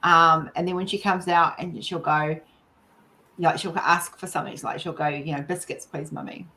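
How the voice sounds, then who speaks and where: A woman's voice: sits low, steady tone, moderate pace, bright, forceful tone. A woman, hosting a casual live chat and telling rambling stories, often acting out what others said.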